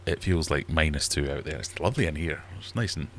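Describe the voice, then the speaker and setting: Very low-voiced man rambling self-deprecatingly. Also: a little fast, slight background noise. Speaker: livestream host. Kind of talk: casual livestream chat. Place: small warm fish room at home.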